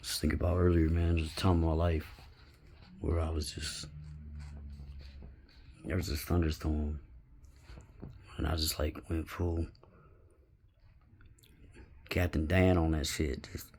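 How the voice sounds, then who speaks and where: A man's voice: very deep voice, little pitch movement, a little slow, pauses often, a little mellow, slight background noise. A man in his fifties giving a rambling spiritual monologue to his viewers, often dropping into an intense whisper. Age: 50s. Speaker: vlogger.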